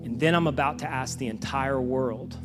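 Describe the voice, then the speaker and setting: A man preaching a sermon as pastor, conversational and animated, swinging between loud emphatic runs and hushed, intense stretches. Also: mid-range voice, normal speed, music in the background.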